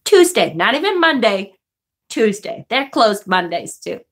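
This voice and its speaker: A middle-aged woman casually telling a story on her vlog, animated and profane, jumping into high outraged bursts when she replays arguments. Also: unhurried. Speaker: vlogger. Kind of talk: casual storytelling vlog, reading live chat.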